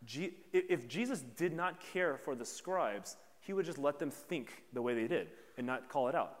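A man's voice: a little high, animated, normal speed, in a large hall. A man preaching a sermon in a conversational way, often checking in with "right?" and acting out voices from the story.

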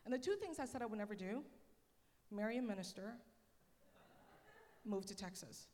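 A woman missionary speaking to a church congregation in a chatty, animated storytelling manner. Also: medium pitch, normal speed. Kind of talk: church talk. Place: church hall. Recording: long reverb of a large hall.

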